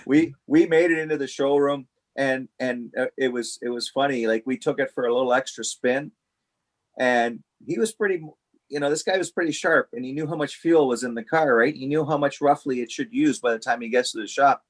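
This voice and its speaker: A man telling a story on a casual podcast, animated and laughing as he goes. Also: mid-range voice, fairly quick.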